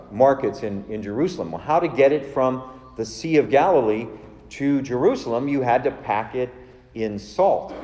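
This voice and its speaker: A male preacher delivering a sermon with emphatic repetition of key words. His voice is mellow and relaxed. It echoes through a roomy church hall with a long tail. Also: mid-range voice. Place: church sanctuary.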